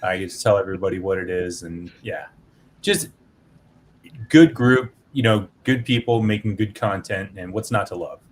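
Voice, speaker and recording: A man's voice: low-pitched, normal speed, a little hiss or hum. A man who is a guest and indie comic creator, talking earnestly in a casual podcast chat, rambling with many fillers.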